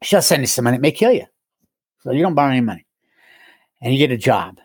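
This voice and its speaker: Man doing a blunt old male sponsor, curt orders, mid pitch, dry sound. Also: very animated, quick pace, slightly rough, no echo. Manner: curt, matter-of-fact orders. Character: blunt older male sponsor, gruff and unsentimental.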